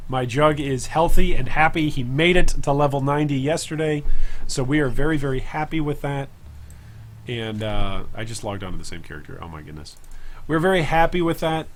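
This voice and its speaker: A man's voice: medium pitch, slight background noise. Rambling man streaming a game. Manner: thinks aloud, rambling self-talk with chat asides. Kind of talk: casual live game commentary.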